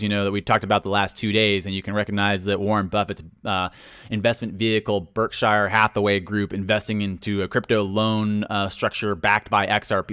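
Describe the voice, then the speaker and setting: A man's voice: lowish voice, a bit bright, smooth, no room sound, studio quality. A man hosting a casual livestream, animatedly greeting viewers by name and telling stories. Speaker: livestream host.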